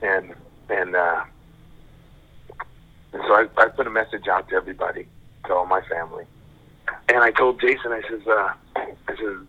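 An older man speaks over a tinny, narrow phone line, his voice sitting a little low. He tells his story casually and haltingly, restarting and repeating words as he goes. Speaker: guest.

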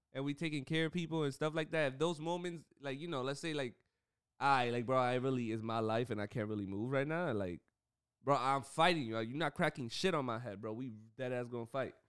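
Fast-talking joking young man. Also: mid-range voice, fairly bright tone, clear, resonant tone, dry recording, studio quality. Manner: fast, joking, acts out quoted lines. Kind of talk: casual chat.

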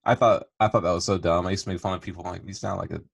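A man's voice: sits low, fairly even intonation, rapid-fire. A man from the northern United States with a slight Southern twang, chatting casually and laughing easily. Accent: northern American with a slight Southern twang. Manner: laid-back, laughs easily, swears casually. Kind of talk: casual chat.

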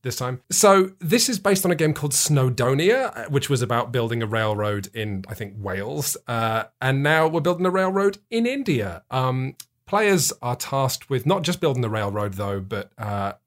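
A man's voice: mid-range voice, expressive, normal speed. A man hosting a board game podcast in casual chat, chatty and self-deprecating, explaining at length. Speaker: podcast host.

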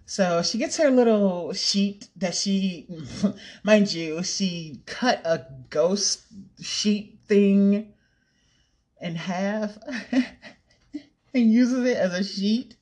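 A woman's voice: medium pitch, extremely slow, a little mellow. A young woman chatting casually to camera, rambling, giggling and swearing now and then. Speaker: vlogger. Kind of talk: casual chat.

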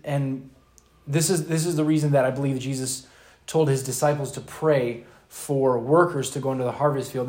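A man's voice: mid-range voice, darkish tone. A man preaching a sermon, retelling a scripture parable in casual, modern slang. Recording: echoey room.

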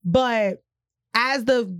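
Animated, swearing woman in her forties. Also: fairly high pitch, very slow, clean tone, no room sound, clean studio sound. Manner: animated, emphatic, heavy swearing. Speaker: podcast co-host. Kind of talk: casual chat.

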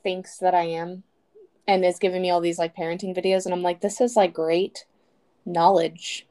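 A woman's voice: lowish voice, level tone, normal speed, dark tone. A young woman co-hosting a podcast, chatting casually and rambling with many fillers. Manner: rambling with many likes and restarts. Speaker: podcast co-host. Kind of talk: casual chat.

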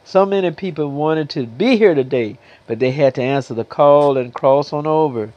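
A man preaching a sermon, now and then clearing his throat and singing slow gospel lines. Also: on the high side, darkish tone, no room sound, highs cut off. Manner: preaching, breaks into slow gospel singing, calls listeners beloveds. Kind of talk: sermon with sung gospel passages.

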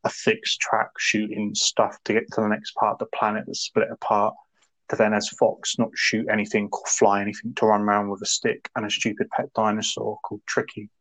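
A man ranting in casual podcast chat, animated and laughing as he mocks a game. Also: fairly low pitch, fairly quick, low-quality recording. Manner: ranting, animated, laughs a lot, mock voices. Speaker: podcast co-host.

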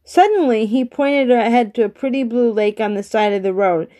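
A woman with a slightly high voice reads a children's chapter book aloud at an unhurried pace. She gives each character's line only a light change and keeps to her own reading voice. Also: dark tone. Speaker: reader. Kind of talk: storybook read-aloud.

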